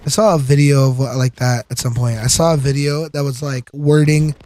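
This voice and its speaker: A man's voice: mid-range voice, fairly even intonation, a little fast, darkish tone. A man giving casual gameplay commentary, rambling, giggly and self-deprecating. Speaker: gaming channel host.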